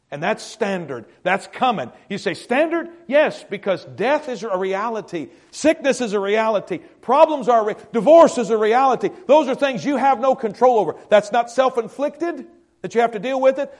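High-voiced pastor preaching. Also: male voice. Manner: earnest storytelling, halting repeats, drops to a hushed tone. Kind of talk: sermon.

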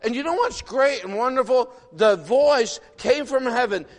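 A man in his sixties, originally from the northern United States, preaching a sermon in an animated, folksy way, full of rhetorical questions. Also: very high-pitched, a little slow. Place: church sanctuary. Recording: long reverb of a large hall.

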